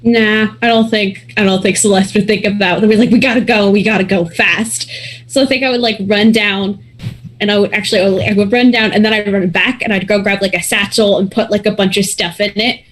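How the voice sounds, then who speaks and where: A woman's voice: mid-range voice, fairly even intonation, a little hiss or hum. A woman playing a tabletop game, telling her character's actions in a bubbly, giggly way. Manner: bubbly, fast, giggly storytelling. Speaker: player.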